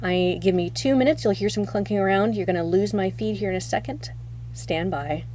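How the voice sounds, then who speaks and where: A woman's voice: mid-range voice, brisk, dark tone, slight background noise. Chatty young woman live-streaming. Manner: chatty, rambling, laughs often, self-correcting. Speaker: live streamer showing reference photos. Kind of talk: casual live-stream chat.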